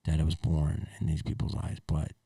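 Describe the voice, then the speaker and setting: A man's voice: extremely low pitch, monotone, moderate pace, warm tone, husky, dry recording, studio quality, distant mic. A man hosting a podcast, reacting to clips in a blunt, rambling, profane way. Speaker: podcast host. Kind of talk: casual reaction commentary.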